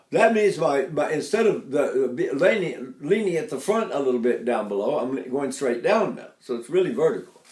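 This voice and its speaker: A man's voice: mid-range voice, expressive, moderate pace, darkish tone, roomy sound. An older man teaching a voice lesson, who explains technique and breaks into sung phrases and sighs. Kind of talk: singing lesson with sung demonstrations.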